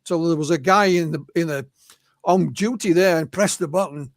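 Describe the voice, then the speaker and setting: High-voiced English man telling stories. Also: normal speed, no echo, studio quality. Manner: recounts witness stories, quoting them in his own voice, with many fillers and restarts. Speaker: interview guest, UFO researcher. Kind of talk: conversational storytelling.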